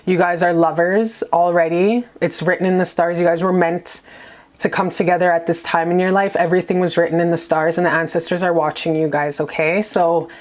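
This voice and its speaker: Female tarot reader, slightly low voice, effusive and profane, chatty check-ins. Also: steady tone, brisk, a little mellow. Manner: gushing, profane and playful, lots of "okay?". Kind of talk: casual tarot reading to camera.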